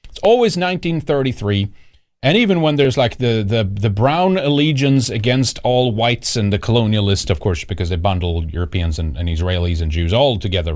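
A man's voice: medium pitch, a little mellow. A man hosting a commentary show, talking over news clips in a mocking, rambling way with lots of fillers.

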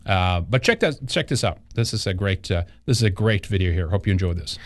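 A man's voice: deep voice, expressive, a little fast, dry recording. A man hosting a news commentary podcast, talking in a rambling, indignant way and swearing often. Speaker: podcast host.

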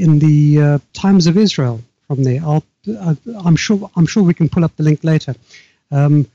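An older man from Africa, speaking as a guest author in a halting, measured way with frequent restarts. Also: on the high side, mellow, no echo, lo-fi sound. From South Africa. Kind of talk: remote interview conversation.

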